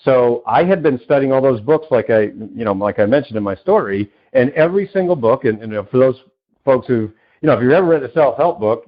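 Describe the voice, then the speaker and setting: A man being interviewed as a self-help coach, talking with enthusiasm and acting out little dialogues. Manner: enthusiastic, acts out dialogue with big pitch jumps. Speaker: self-help author and coach, podcast guest. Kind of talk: animated interview talk. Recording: dull lo-fi audio.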